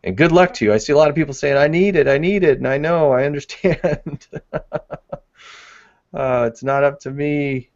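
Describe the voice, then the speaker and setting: A man's voice: a little high, normal speed, darkish tone, muffled recording. A man co-hosting a live webinar in casual chat, laughing often and reading the chat aloud. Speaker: webinar co-host.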